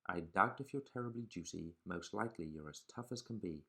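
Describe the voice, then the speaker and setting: A man voicing a greedy, bullying male rat highwayman in a storybook reading, gruff and swaggering. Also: lively intonation, brisk, a bit bright, full character voice.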